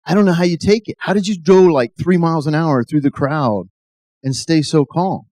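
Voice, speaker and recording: A man's voice: fairly high pitch, normal speed, darkish tone, no echo. Earnest man giving a testimony speech. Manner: earnest, builds to emphatic exhortation. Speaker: speaker.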